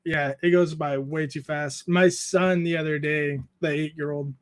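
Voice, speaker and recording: A man in his thirties with a fairly high voice hosts a casual creator chat. He talks in a laid-back way, swears freely and laughs often as he tells stories about home. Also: fairly even intonation, unhurried. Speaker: podcast host interviewing a YouTuber.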